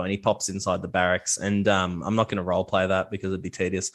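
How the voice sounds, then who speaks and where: A man's voice: on the low side, fairly even intonation, brisk, few pauses, fairly bright tone. A young man narrating as game master of a tabletop game, rambling loosely with lots of fillers.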